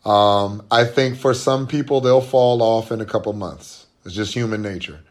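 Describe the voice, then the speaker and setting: A man who organizes a boycott speaks as a guest in a conversational interview, earnest and emphatic, frequently restarting as he makes his points. His voice is on the low side and his pace is normal.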